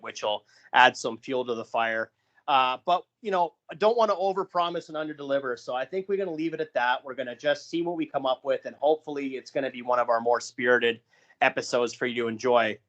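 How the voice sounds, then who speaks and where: Male podcast co-host, measured announcer delivery, slightly dull recording. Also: mid-range voice, fairly bright tone. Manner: measured, announcer-style sign-off. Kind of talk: casual podcast chat.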